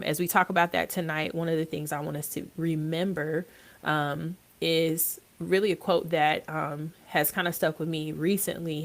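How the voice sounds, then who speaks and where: A woman's voice: sits low, vocal fry. A woman hosting a therapy podcast, congested from allergies, talking casually with frequent ums and uhs. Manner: hesitant, many ums and uhs.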